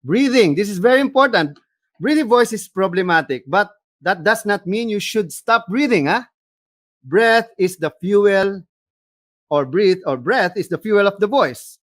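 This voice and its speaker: A man with a Filipino accent giving a lively seminar lecture as a voice acting coach, slipping Tagalog phrases into his English. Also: sits high, unhurried, no room sound. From Philippines. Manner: animated, mixes in Tagalog phrases, demonstrates voices.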